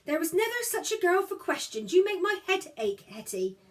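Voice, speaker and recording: A woman's voice: extremely high pitch, very animated, normal speed, voice pushed up. A woman reading a story aloud, voicing a fond, weary Victorian mother who teases her daughter with mild exasperation. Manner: exasperated but affectionate.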